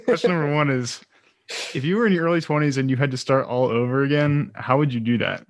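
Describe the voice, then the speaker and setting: Relaxed male podcast host. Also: mid-range voice, fast, dry recording. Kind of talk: casual interview hosting.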